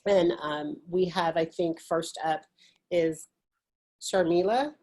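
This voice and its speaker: A woman's voice: low-pitched, level tone, takes it slowly, a little mellow, rough recording. A woman with a Southern US accent moderating a webinar, introducing panelists with hesitant, filler-heavy speech. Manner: hesitant, many fillers, apologetic. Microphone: video call.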